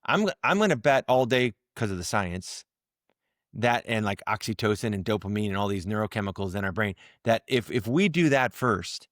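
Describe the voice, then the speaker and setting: A man guest on a podcast, talking in a casual interview, animated and full of restarts and repeated words as he acts out tones to make his point. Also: fairly low pitch, normal speed, dry recording, studio quality. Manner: animated, explains through examples and acted-out tones. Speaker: guest, leadership communication coach.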